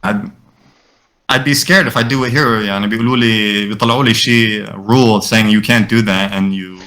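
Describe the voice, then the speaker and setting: A man co-hosting a podcast, telling a story in a lively, casual way, swearing freely and slipping in Arabic phrases. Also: on the low side, quick pace. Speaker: podcast co-host.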